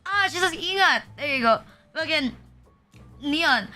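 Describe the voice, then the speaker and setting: High, bright young woman streamer. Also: animated, measured pace, faint music behind. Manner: rambling, swearing, self-interrupting. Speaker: VTuber streamer. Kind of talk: casual stream chatter.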